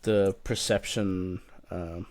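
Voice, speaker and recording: A man co-hosting a casual political discussion podcast, halting and searching for words as he talks. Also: sits low, fairly even intonation, a little mellow, dry recording. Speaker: podcast co-host.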